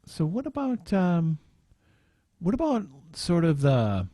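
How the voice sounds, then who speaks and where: A man's voice: sits high, huge pitch swings, takes it slowly, warm tone, no echo, studio quality. A man co-hosting a podcast, speaking hesitantly and searching for words with many ums in casual conversation. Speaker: podcast co-host.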